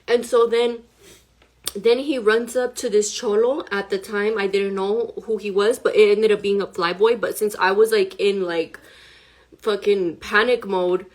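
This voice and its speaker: Shaken young woman, swearing and rushing. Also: mid-range voice, fairly even intonation. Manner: rushed, profane, full of "like". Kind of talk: emotional personal account to camera.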